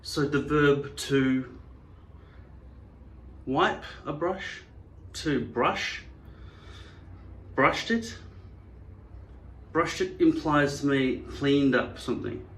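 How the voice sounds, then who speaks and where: A man's voice: fairly high pitch, very slow, long pauses, fairly bright tone, reverberant, slight background noise. A man hosting a vlog, musing and digressing wryly as he works. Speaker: channel host. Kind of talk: rambling vlog monologue.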